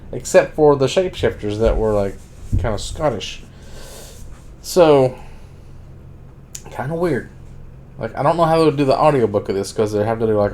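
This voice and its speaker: A man's voice: medium pitch, a little mellow. A man streaming a casual, rambling monologue about books, full of "like" and blunt profane asides.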